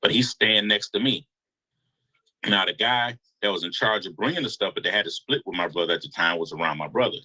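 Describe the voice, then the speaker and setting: A man telling a long story in a casual interview, animated and slangy. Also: on the low side, fairly quick, low-quality recording. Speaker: guest storyteller.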